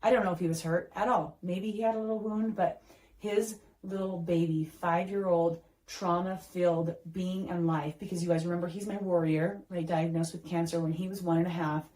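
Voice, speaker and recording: A woman's voice: on the low side, fairly even intonation, normal speed, warm tone, rough recording. A woman in her thirties, a podcast host, telling a heartfelt family story in a casual chat, with lots of fillers and restarts.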